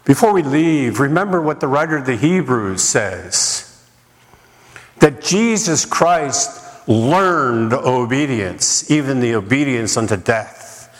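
A man's voice: mid-range voice, animated, takes it slowly. A man preaching a sermon in a dramatic way, with rhetorical questions and repeated lines for emphasis. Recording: long reverb of a large hall.

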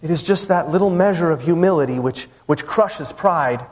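High-voiced preacher in a reverberant hall. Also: male voice, moderate pace. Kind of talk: sermon.

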